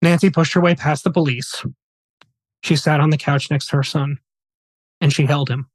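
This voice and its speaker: Male podcast host, somber storytelling, slightly high voice, dry close mic. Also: fairly even intonation, normal speed, no room sound. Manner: earnest, somber retelling with quoted dialogue.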